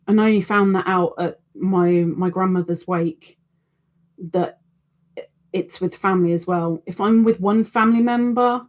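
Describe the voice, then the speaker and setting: A woman's voice: medium pitch, a little mellow. A middle-aged woman hosting a crochet live stream, chatting casually and self-deprecatingly, reading out viewer comments.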